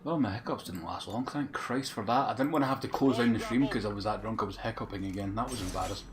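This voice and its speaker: A man's voice: on the low side, quick pace, crowd noise. A man chatting casually on a live game stream, rambling and swearing as he talks to viewers.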